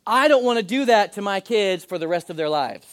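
A male pastor in his thirties giving a conversational sermon, slipping into quick acted quotes. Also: high voice, expressive, a bit bright, no room sound, studio quality.

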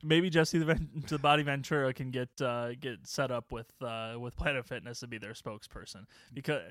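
A man's voice: mid-range voice, a little fast, fairly bright tone, no echo, clean studio sound. A man co-hosting a casual movie podcast, rambling with many restarts and frequent chuckles. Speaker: podcast co-host.

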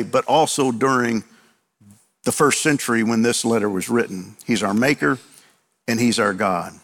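Guy preaching a sermon, mid-pitched, keeps asking questions then answering them, big reverby hall sound. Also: fairly bright tone. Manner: emphatic repetition and rhetorical questions.

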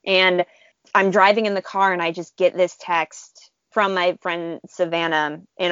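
Woman guest, fan artist, lively storyteller, muffled close mic. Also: lowish voice, measured pace, clean tone, dry recording. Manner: animated, chatty, frequent laughs and fillers. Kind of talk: casual storytelling interview.

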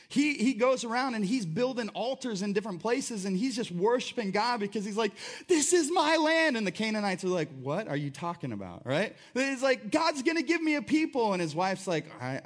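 A man preaching a sermon in a conversational, animated way, acting out voices as he tells the story. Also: sits high. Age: adult. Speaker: pastor.

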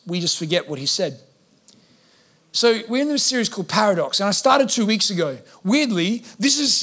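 A man's voice: high voice, a bit bright. A man preaching a sermon as a pastor, humorous and acting out the voices he quotes. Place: church hall with congregation.

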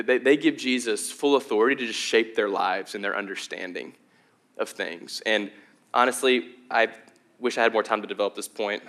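A man's voice: lowish voice, sharp tone. A young adult man preaching a sermon as pastor, in a conversational, earnest way with frequent fillers and restarts. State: out of breath.

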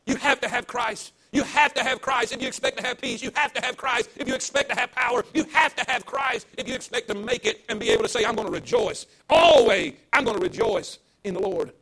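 Man, pastor, sermon, bright edgy tone, husky. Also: very high-pitched, fast talker, few pauses. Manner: emphatic, repetitive preaching to a home audience.

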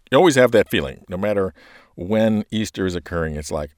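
A man, hosting a podcast that coaches scripture readers, talking casually with fillers and breaking into loud proclaiming when he reads aloud. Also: deep voice, big pitch swings, brisk, no room sound, clean studio sound. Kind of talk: casual teaching talk.

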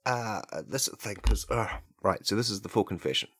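A man hosting a comedy podcast, rambling through an absurd deadpan monologue full of fillers and tag questions. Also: on the low side, normal speed, vocal fry, breathy edge, dry recording, clean studio sound. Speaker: podcast host.

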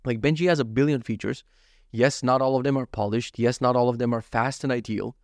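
A man's voice: mid-range voice, fairly quick, no room sound, studio quality. A man in his thirties telling stories from his day in a casual vlog, acting out his own thoughts and swearing freely. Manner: animated storytelling, frequent swearing, acts out his own thoughts. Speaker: vlogger. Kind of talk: casual daily vlog monologue.

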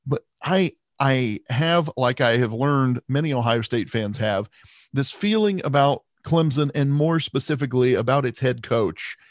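Animated man on a dry podcast mic. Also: mid-range voice, unhurried, dry recording. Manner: animated, self-deprecating, frequent restarts. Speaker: podcast co-host. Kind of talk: casual sports chat.

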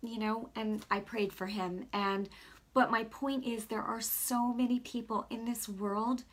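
A woman sharing a casual spoken testimony as a Christian speaker. She tells the story in a rambling way, with many fillers and restarts, and her tone shifts from bright excitement to soft earnest moments. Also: a little high, unhurried.

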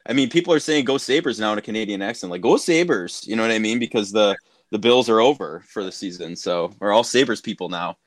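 A man hosting a podcast, chatting in a relaxed, agreeable way with frequent fillers. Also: lowish voice, fast, no room sound. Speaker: podcast host. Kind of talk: casual interview chat.

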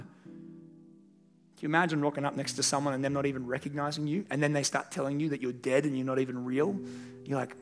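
A man's voice: medium pitch, flat delivery, brisk, faint music behind. A man preaching a sermon as pastor, speaking earnestly and directly to his congregation in a church service. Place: church service in a large room.

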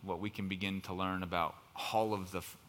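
A male pastor with a low, level voice preaches a sermon, speaking a little fast with a slightly bright tone. His delivery is conversational and impassioned, dotted with fillers like "kind of," and now and then it builds into emphatic outbursts.

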